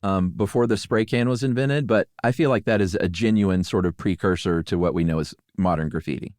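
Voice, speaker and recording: Low-voiced rambling middle-aged male co-host. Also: brisk, dry recording, clean studio sound. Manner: relaxed, rambling, full of fillers. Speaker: podcast co-host and ad reader. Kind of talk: casual chat.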